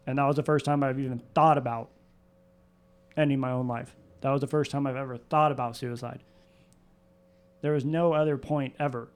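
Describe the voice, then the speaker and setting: Guy telling his story straight, earnest and confessional, smooth clear voice. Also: mid-range voice, fairly even intonation, brisk. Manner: earnest, confessional, repeats phrases. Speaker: podcast co-host sharing his story. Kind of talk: candid personal storytelling.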